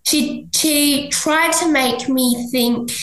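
A woman guest on a podcast, telling a personal story in an animated way and jumping high in pitch when she quotes people. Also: very slow. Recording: echoey room.

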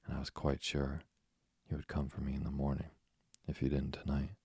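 A man's voice: extremely low pitch, completely flat delivery, brisk, gravelly, a little mellow, breathy edge, no room sound, clean studio sound, heavily acted. A man voicing a chatty, imaginative orphan girl who rambles eagerly in a storybook reading.

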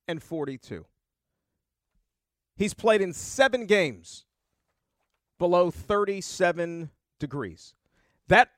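Emphatic high-voiced sports radio host. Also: male voice, fairly bright tone, no echo, studio quality. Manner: emphatic, argumentative, repeats points for effect. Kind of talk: sports talk radio monologue.

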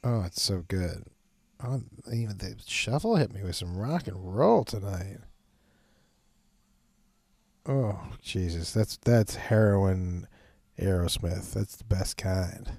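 A man's voice: lowish voice, a little slow, mellow, no echo, studio quality. A man hosting his podcast, rambling in a casual, profane, self-mocking way and often breaking into laughter. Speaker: podcast host.

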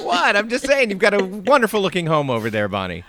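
Bright, lively man teasing playfully. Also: high voice, quick pace. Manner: playful teasing, mock introductions. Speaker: podcast host. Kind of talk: casual comedic chat.

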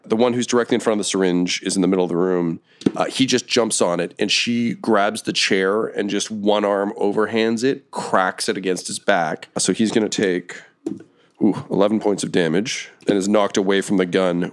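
A man running a tabletop game as game master, narrating combat vividly with playful comic asides. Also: fairly low pitch.

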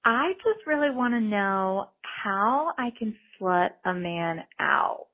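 A woman's voice: mid-range voice, lively intonation, takes it slowly. A woman calling in to a podcast with a question, bubbly and eager, heard through a tinny phone line. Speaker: caller.

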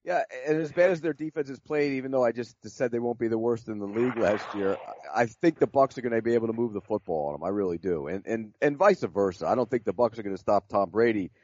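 A man's voice: mid-range voice, fast talker, few pauses, darkish tone, lo-fi sound, slight background noise. A man giving confident football predictions on a casual sports podcast, needling the others. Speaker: football analyst.

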